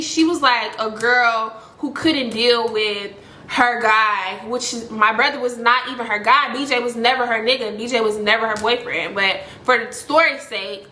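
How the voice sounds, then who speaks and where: Young woman vlogger, higher voice, lively storytime delivery, roomy echo. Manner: animated, acts out quoted lines, swears freely. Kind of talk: casual storytime. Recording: echoey room, faint noise.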